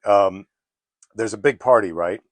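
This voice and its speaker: A man's voice: lowish voice, unhurried, no echo. A man hosting a casual chat, retelling a Bible story in an irreverent, jokey way. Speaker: show host.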